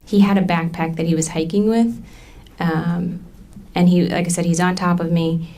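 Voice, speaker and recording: A woman in her thirties testifying in a courtroom, halting and full of ums as she recounts what happened. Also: on the low side, fairly even intonation, mellow. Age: 30s. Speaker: trial witness.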